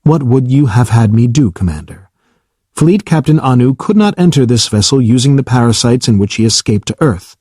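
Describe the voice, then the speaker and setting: A man voicing a calm, formal, self-aware battleship AI in an audiobook, speaking in a measured, precise, unflinching way. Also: medium pitch, slightly rough, no room sound, clean studio sound. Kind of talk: audiobook character reading.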